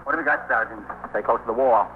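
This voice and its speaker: An actor playing a police sergeant who calmly gives orders and coaxes an armed man to open the door, in 1950s radio drama style. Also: mid-range voice, fast, natural voice. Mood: commanding. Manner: calm, firm, coaxing. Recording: tinny old radio broadcast with faint hiss.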